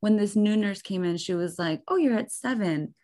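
A young woman with a medium-pitched voice co-hosts a podcast at a moderate pace. The talk is casual storytelling, animated and chatty, with "like" used over and over.

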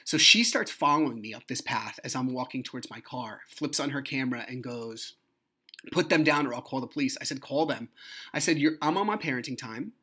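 A man in his thirties hosts his own podcast, retelling a personal story in a blunt, profane way. His voice sits at an ordinary middle pitch, and his talk is heated and frank. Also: fairly quick, bright, forceful tone, breathy edge. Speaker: podcast host.

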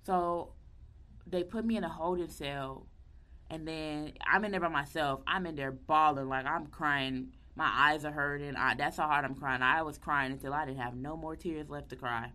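Young woman, low voice, casual storytelling, animated, acts out quotes. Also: moderate pace.

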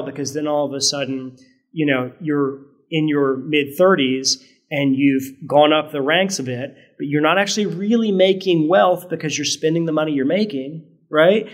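Speaking at a normal pace in a slightly high voice, this middle-aged Virginia man guests on a conversational podcast interview. His accent is mostly standard American with a faint Southern trace. He comes across as earnest and reflective, restarting often and dropping in "right?" again and again.

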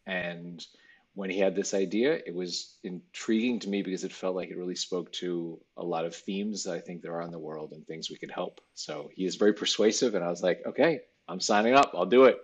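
A man with a very deep, husky voice speaks in a casual interview. His tone is relaxed and self-deprecating as he describes his work. He sounds easygoing and conversational. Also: fairly quick.

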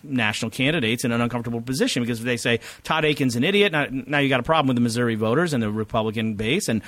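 Male author guest, rapid lecturing delivery, dry close sound. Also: medium pitch, fairly bright tone, no room sound. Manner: fast, lecturing, piles up long explanations. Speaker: author and political scientist guest. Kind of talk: podcast interview answer.

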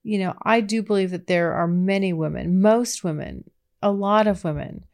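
A woman hosting a podcast, reading listener questions and answering them in a candid, chatty way, with breathy exclamations and frequent restarts. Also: medium pitch, moderate pace, a little mellow. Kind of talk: casual chat.

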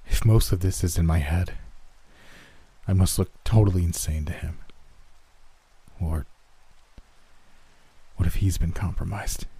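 A man reading a horror story aloud in the first person, in a hushed, anxious telling. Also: low-pitched, fairly even intonation, measured pace, pauses often, husky. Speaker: narrator. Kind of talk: scripted horror story narration.

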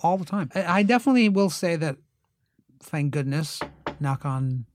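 Animated man telling stories. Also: on the high side, normal speed, noisy background. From India. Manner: animated, acts out quoted voices. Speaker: actor and writer, guest. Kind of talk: casual interview storytelling.

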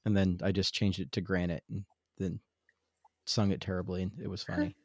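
A man co-hosting a casual podcast, reading dad jokes aloud in a halting, wry way. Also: low voice, little pitch movement, a little mellow, no echo, studio quality. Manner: halting, self-interrupting, wry. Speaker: podcast co-host.

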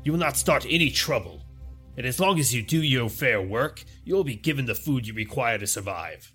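A man's voice: mid-range voice, lively intonation, fairly quick, a bit bright, husky, soft background music. A man voicing a stern Githyanki warrior who gives formal, clipped orders. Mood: commanding.

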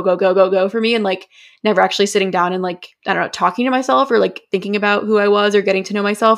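A woman in her twenties, co-hosting a podcast in casual chat, talking freely with lots of "like". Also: mid-range voice. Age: 20s. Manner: chatty, frequent "like" fillers. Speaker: podcast co-host.

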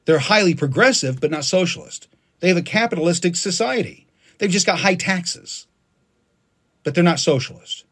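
A man's voice: sits high, animated, moderate pace, fairly bright tone, husky. A man hosting a live stream, delivering an emphatic, passionate rant with frequent restarts. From United States. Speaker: political livestream host. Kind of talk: ranting monologue on a live stream.

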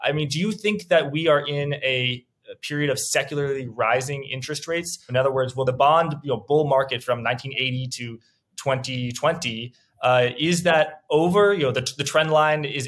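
Young male host, mid pitch, animated and quick, stammers through repeats. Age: young adult. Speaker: interview host. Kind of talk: finance interview, questioning.

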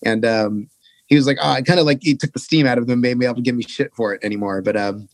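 A man on a podcast telling a tour story, animated and profane, jumping into higher voices for quotes. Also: fast talker, no echo. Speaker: podcast guest, touring musician. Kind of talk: casual storytelling.

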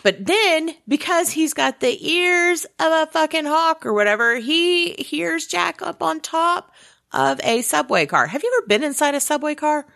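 Sarcastic woman with lively pitch. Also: moderate pace, vocal fry. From Houston area. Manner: animated, sarcastic, swears freely. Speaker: podcast co-host. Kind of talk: casual movie recap chat.

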